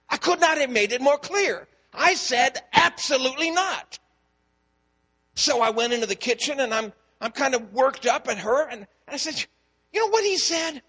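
A man's voice: very high-pitched, slightly rough, in a large hall. A man, a pastor, preaching a sermon and telling a story, acting out the dialogue. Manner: storytelling, animated, acts out dialogue.

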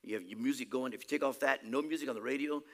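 A male preacher giving a sermon, emphatic, swinging between loud exclamations and quiet asides. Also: mid-range voice, very fast.

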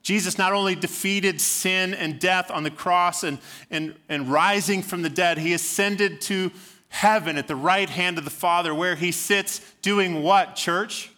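A man's voice: high voice, normal speed, bright, forceful tone. A man preaching a sermon as senior pastor, earnest, repeating words and rising into fervent pleading prayer.

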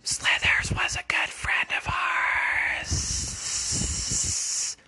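Hissing whispery snake chief. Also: male voice, drawn-out words, pushed and bright, exaggerated voice. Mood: threatening. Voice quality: whispery hiss. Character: male snake leader, menacing hiss.

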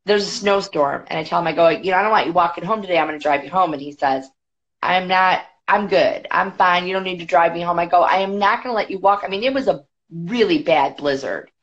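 A woman guest on a podcast, telling a story in a chatty, quick way with many fillers. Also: fairly low pitch, fairly bright tone. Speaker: podcast guest, boxing federation executive. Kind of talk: casual storytelling. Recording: dull lo-fi podcast audio.

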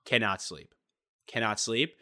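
A man's voice: on the low side, measured pace, bright, forceful tone. A young man in a casual chat, telling a travel story with lots of swearing and acting out the people he met.

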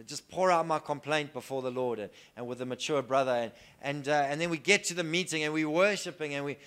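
Earnest male preacher, slightly high voice, sermon swinging from hushed to declaring. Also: fairly quick, clean tone. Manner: earnest, swings between soft hushed lines and loud emphatic declarations.

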